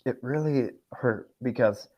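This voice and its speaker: A man's voice: medium pitch, unhurried, a little mellow, highs cut off. A man who immigrated, speaking earnestly and emotionally as a guest on a political podcast. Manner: earnest, emotional, reads his own post aloud. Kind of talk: emotional interview talk.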